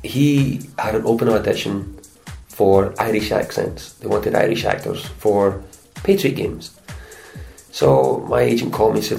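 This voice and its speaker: A middle-aged man with a Scottish accent and a gravelly, somewhat low voice. He relaxes into chatty interview stories and puts on voices for the people in them. Faint music sits under the talk. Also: unhurried, poor audio. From Scotland. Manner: chatty, lively anecdotes with put-on voices. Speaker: actor and stuntman guest. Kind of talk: casual interview storytelling.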